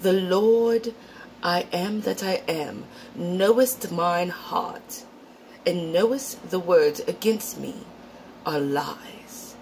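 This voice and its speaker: A woman's voice: on the low side, extremely slow, darkish tone, a little hiss or hum, pitched above the performer's own voice, poor audio. A woman doing a pompous mock-Shakespearean preacher man. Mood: preachy. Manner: theatrical mock-Shakespearean recitation, grandiose. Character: pompous self-righteous man preaching in archaic old English.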